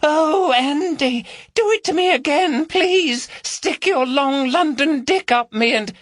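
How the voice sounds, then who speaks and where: A man voicing a raucous bloke who mimics a moaning woman in a shrill falsetto. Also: slow, fairly bright tone, no echo, clean studio sound, full character voice. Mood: mocking.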